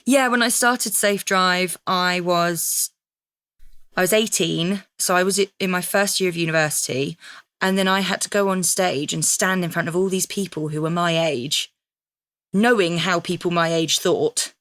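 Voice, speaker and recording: A woman in her thirties with a lowish voice speaks candidly in a conversational interview. She reflects openly on herself and slips into quoting her own past thoughts, and the recording is dry and close. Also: fairly even intonation, normal speed, fairly bright tone, dry recording. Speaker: podcast guest.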